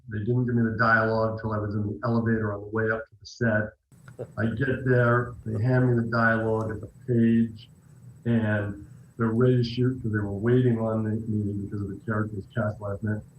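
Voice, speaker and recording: A man's voice: lowish voice, level tone, normal speed, roomy sound, dull audio, a little hiss or hum. A man being interviewed as an actor guest, talking reflectively and telling stories with restarts. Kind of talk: casual interview talk.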